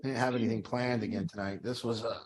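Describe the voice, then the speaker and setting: A man's voice: medium pitch, fairly even intonation, fast talker. Earnest man leading a support group. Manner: earnest, repetitive, plain-spoken, preachy.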